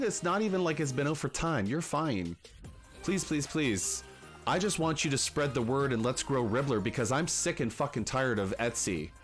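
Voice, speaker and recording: A man hosting a casual livestream, talking to viewers in an animated, chatty way and slipping into rants. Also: on the high side. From Canada. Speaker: livestream host.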